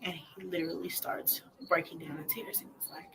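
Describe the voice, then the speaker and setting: A woman's voice: on the low side, huge pitch swings, fairly quick, creaky. A woman in her twenties telling her story as a mother, blunt and profane, often dropping to a near-whisper. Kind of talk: candid personal storytelling. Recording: noisy clip played in a reaction video.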